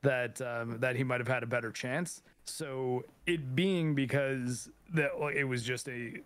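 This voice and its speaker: A man's voice: mid-range voice, fairly even intonation, a little slow, no echo. A man co-hosting a casual film discussion, thinking aloud and hedging his points.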